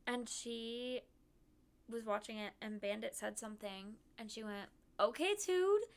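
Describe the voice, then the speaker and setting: A woman's voice: medium pitch, level tone, unhurried, vocal fry, clean tone. A young woman streamer recounting a trip in a giggly, chatty way. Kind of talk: casual chat.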